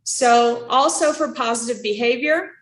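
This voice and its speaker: A woman's voice: on the high side, a little slow. Chatty woman teaching a class, roomy sound. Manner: chatty, animated, asks the class questions. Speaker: instructor. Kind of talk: classroom lecture. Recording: echoey room.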